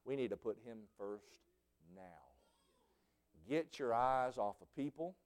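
A male preacher, giving a sermon full of stories. His voice drops low and then bursts out in shouts. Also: animated, a little slow, smooth. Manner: storytelling, swings from hushed to shouting.

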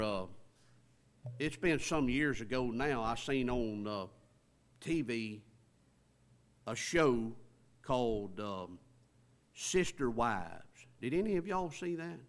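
A man's voice: medium pitch, animated, slow pace, pauses often. A man preaching a sermon in a folksy, conversational way, stretching words for emphasis.

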